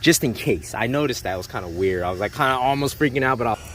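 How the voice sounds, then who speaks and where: A man's voice: mid-range voice, expressive, quick pace, a bit bright, a little hiss or hum. A man casually demonstrating and reviewing remote-control cars, rambling with lots of fillers and making little sound effects. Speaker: RC car reviewer. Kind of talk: casual unboxing demo.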